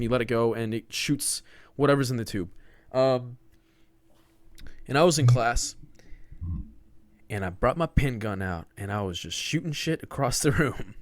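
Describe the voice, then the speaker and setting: A man's voice: mid-range voice, no room sound. A man in his twenties hosting a podcast alone, rambling and joking about himself and often saying "dude.". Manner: rambling, joking, self-mocking, says dude a lot. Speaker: podcast host. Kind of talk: casual solo monologue.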